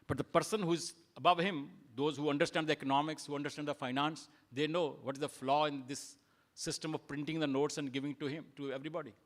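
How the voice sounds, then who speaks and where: A man giving a sermon at a temple, telling stories and asking rhetorical questions, with his loudness rising and falling. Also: on the high side, fairly even intonation, fast. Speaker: speaker at a temple program.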